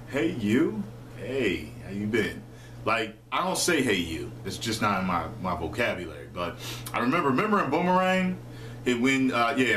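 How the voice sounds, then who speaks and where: A man's voice: lowish voice, a bit bright, roomy sound, slight background noise. A young man in a casual vlog, retelling stories with lots of swearing and quoted voices. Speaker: vlogger. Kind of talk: casual storytelling monologue.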